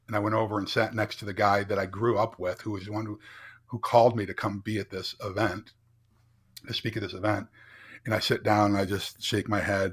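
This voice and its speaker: Speaking at medium pitch with a sharp tone, this middle-aged founder and keynote speaker shares a frank personal story on a podcast. He stays earnest, building up his points and frequently tossing in a rhetorical "right?".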